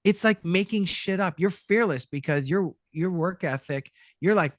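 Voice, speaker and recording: Middle-aged man, studio guest, lively storyteller, slightly high voice, close dry sound. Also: moderate pace, no echo. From Canada. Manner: animated, acts out the people in his stories. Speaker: guest, voice actor. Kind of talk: storytelling interview.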